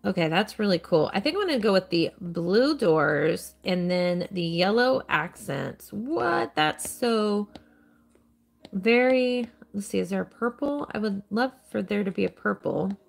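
A woman's voice: mid-range voice, lively intonation, measured pace, gravelly. A woman hosting a live stream, chatting casually and cheerfully while answering her viewers' questions as she plays a game. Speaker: live-stream host playing a mobile game.

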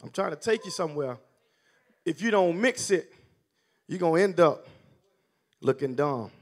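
A male minister preaching a sermon with call-and-response, building from calm teaching to near shouting. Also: on the high side, moderate pace.

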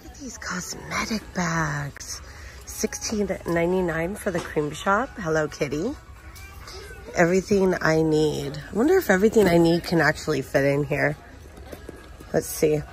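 Inside a large retail store, a shopping vlogger chats her way through a casual walkthrough, reading out prices and product labels. Her voice sits low and she speaks a little slowly, with soft music in the background.

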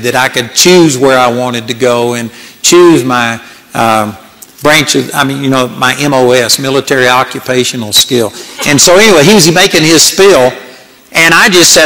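An older man preaching a sermon, telling a personal story in a folksy, animated way and acting out what people said. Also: on the high side. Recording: long reverb of a large hall.

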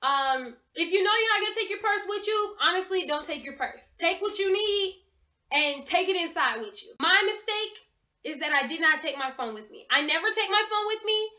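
A woman's voice: very high voice, expressive, moderate pace, sharp tone. A young woman telling a story to camera in a vlog, emphatic and swearing freely. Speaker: vlogger. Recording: roomy, dull lo-fi sound.

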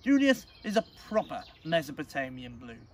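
A man's voice: a little high, very animated, normal speed, a little hiss or hum. A man reading a storybook aloud, voicing a stern, proud father cat who scolds. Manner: gruff, scolding.

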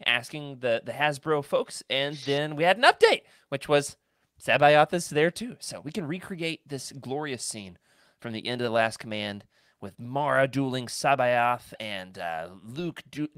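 A man's voice: medium pitch, a bit bright, no room sound, clean studio sound. A man co-hosting a podcast in casual chat, joking around and laughing often. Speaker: podcast co-host.

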